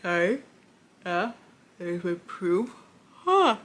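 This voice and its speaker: A woman's voice: medium pitch, animated, normal speed, bright, forceful tone. Sleepy, chatty young woman vlogging late. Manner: chatty, self-mocking, yawning. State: sleepy, tired. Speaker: book vlogger. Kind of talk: casual late-night vlog chat. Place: at home indoors.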